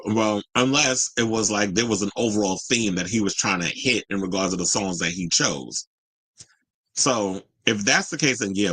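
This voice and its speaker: Sassy guy host, lowish voice, kinda husky, reading comments and ranting. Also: dry recording, rough recording. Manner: animated, sassy, outspoken.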